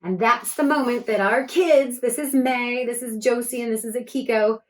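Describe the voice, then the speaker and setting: A woman's voice: a little high, steady tone, normal speed. A woman author reading her book aloud to children, chatty and enthusiastic between passages.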